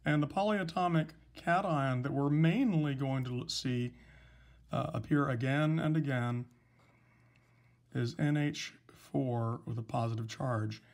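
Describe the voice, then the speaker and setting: A man's voice: medium pitch, a little mellow. Patient male chemistry teacher. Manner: patient, explains slowly with fillers. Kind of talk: recorded lecture, writing examples.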